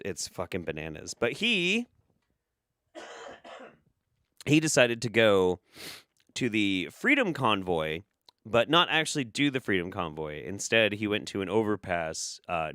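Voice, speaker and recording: A man's voice: on the low side, fairly bright tone, no room sound, clean studio sound. A man hosting a casual commentary show, sarcastic and rambling, swearing often. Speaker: host.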